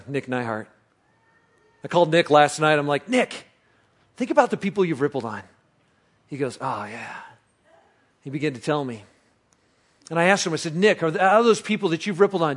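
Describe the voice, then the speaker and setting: A man preaching a sermon as pastor, telling a story with loud excited bursts that drop to quiet reflection. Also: fairly high pitch. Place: church service.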